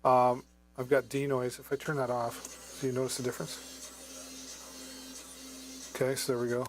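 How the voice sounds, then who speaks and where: A man's voice: mid-range voice, level tone, moderate pace. Casual male live-sale host, chatty, lots of ums, wireless mic sound. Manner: casual, chatty, many fillers. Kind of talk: live product demo. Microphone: wireless microphone.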